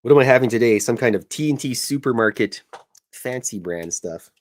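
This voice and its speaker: A man's voice: mid-range voice, lively intonation, fairly quick. A middle-aged man from Canada who hosts a show, chatting casually while he draws cartoons, full of jokes and self-deprecating asides. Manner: joking, self-deprecating, meandering. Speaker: podcast host and cartoonist. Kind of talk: casual rambling chat while drawing.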